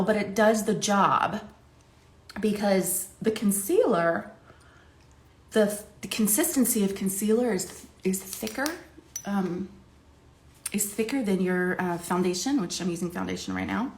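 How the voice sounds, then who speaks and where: A chatty middle-aged woman from Ohio talks straight to the camera as she does her makeup, laughing often. Her voice sits at an ordinary middle pitch and carries an echo from the room around her. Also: moderate pace, pauses often. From Ohio, USA. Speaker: makeup coach. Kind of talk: casual talk to camera while doing makeup. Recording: echoey room.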